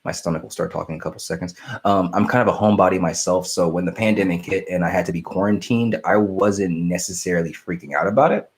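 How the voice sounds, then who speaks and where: Young man, very low voice, live-stream host, rambling casual chat, lots of ums. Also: fast talker, hardly any pauses. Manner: relaxed, rambling, many fillers and restarts, laughs easily. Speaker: live stream host answering viewer questions.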